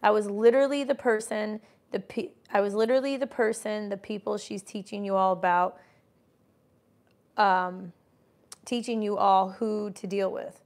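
A woman's voice: medium pitch, steady tone, moderate pace, darkish tone. A woman in her forties hosting a casual live stream, giving emphatic motivational talk and reading chat comments aloud. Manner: mimics doubters in mocking voices. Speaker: livestream host and business coach.

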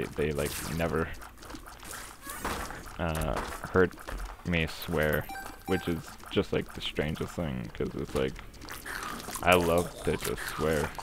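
A young man giving casual, rambling commentary while playing a game, with lots of fillers and swearing. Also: sits low. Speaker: gaming commentator. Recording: noisy home recording.

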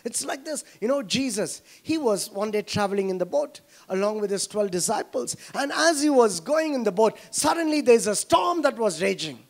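A pastor with a Tamil-flavoured Indian accent delivers a sermon in a notably high voice for a man. He keeps turning to the congregation with questions, coaxing agreement as he preaches. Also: big pitch swings, moderate pace, few pauses. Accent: Indian English, Tamil.

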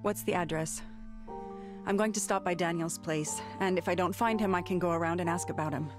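A woman playing a worried, brisk grown woman. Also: lowish voice, natural voice. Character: worried grown woman seeking a missing ex-husband. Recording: game scene with music behind.

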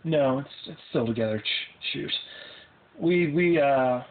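A man's voice: medium pitch, a little slow. A teenage boy rambling in a casual vlog from a parked car at night, goofy, scattered and mocking himself. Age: teens. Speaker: vlogger. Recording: tinny phone-like sound.

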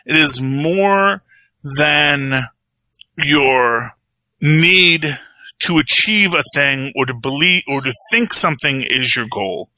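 Brief: male podcast host, animated and bright, rambles with restarts and laughs, dry sound. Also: on the high side, dry recording, rough recording. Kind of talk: casual chat, film review.

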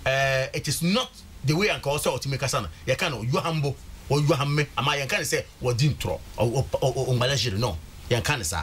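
A man's voice: mid-range voice, brisk, a bit bright, a little hiss or hum. A Ghanaian man talking politics on a studio panel, emphatic and repeating words for stress. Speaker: political commentator.

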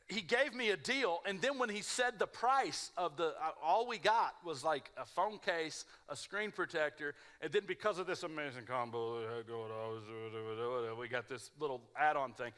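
A male pastor giving a sermon, telling lively stories and mimicking people's voices. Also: a little high. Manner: animated storytelling, mimics others in mumbled voices. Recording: live church service.

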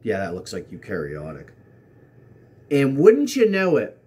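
A man's voice: lowish voice, huge pitch swings, unhurried, pauses often, darkish tone, husky. Sarcastic man reading out tweets. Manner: sarcastic, mocking, repeats lines for emphasis. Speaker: political commentary host.

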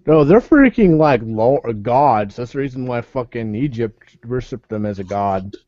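A man's voice: medium pitch, expressive, normal speed, dark tone, no echo. A man who swears and giggles through casual banter in a group voice chat. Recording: dry, dull lo-fi voice chat audio.

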